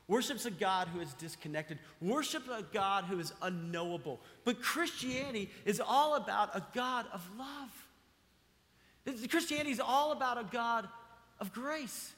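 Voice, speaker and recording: In a large church sanctuary with long reverb, a pastor preaches emphatically in a high, forceful voice, repeating his points to hammer them home and putting questions to the congregation.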